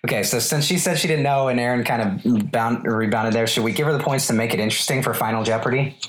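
A quiz host running a casual game among friends, joking and rambling with fillers. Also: female voice, rumbling low, fast. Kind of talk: casual podcast game show. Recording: echoey room, faint noise.

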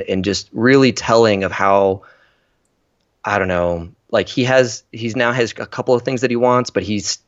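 Man, casual film chat, low voice, fillers galore; dry, slightly muffled recording. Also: no room sound. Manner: rambling, many fillers and restarts.

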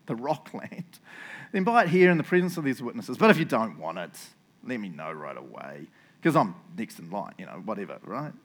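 A man's voice: lowish voice, big pitch swings, drawn-out words, darkish tone, voice pushed down, full character voice. A man putting on a sly, shrugging old-time bargainer. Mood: offhand. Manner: mumbling, shrugging, dismissive. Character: ancient man, offhand and sly, downplaying a land deal.

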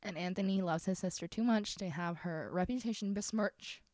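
Animated woman podcaster, dry close sound. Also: mid-range voice, moderate pace, dry recording. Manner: animated, exclaiming, jokey asides. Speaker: podcast co-host. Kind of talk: casual chat about a book.

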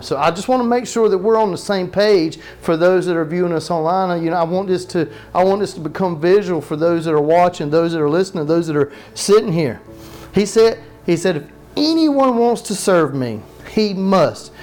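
A man with a fairly high voice preaching to his congregation in a relaxed, talky way. He keeps asking the room questions and answers them himself. He repeats key phrases twice for weight and slips in light jokes. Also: fairly quick, faint music behind. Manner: repeats phrases for emphasis, joking asides. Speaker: pastor. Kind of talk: sermon. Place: church sanctuary with live congregation.

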